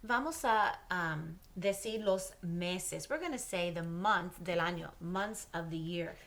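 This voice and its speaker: A woman teaching Spanish to children, patiently saying words and pausing for her class to repeat them, mixing English and Spanish. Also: on the low side, fairly bright tone. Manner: patient, pauses for repetition. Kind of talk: slow drill lesson for children.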